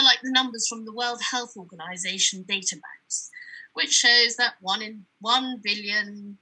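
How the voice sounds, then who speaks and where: A woman's voice: mid-range voice, unhurried, bright, forceful tone, slightly rough, low-quality recording. A woman giving a chatty, digressive conference talk as an author, reading from her book between asides.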